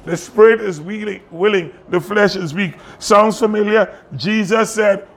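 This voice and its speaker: In a church sanctuary, a pastor in his sixties preaches while in pain, speaking plainly and joking with his congregation in a conversational way. His voice is high-pitched and a little slow, with few pauses.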